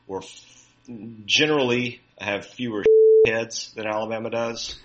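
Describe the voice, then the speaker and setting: A man's voice: lowish voice, steady tone, measured pace, muffled recording. A man from Mississippi, co-hosting a podcast with dry, wry humor. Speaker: podcast co-host. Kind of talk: casual podcast chat.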